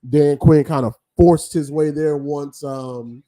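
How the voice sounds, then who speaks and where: Male livestream host, slightly high, soft-toned voice, opinionated and rambling. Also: fairly even intonation, takes it slowly. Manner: opinionated, rambling, frequent ums. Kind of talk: casual draft commentary.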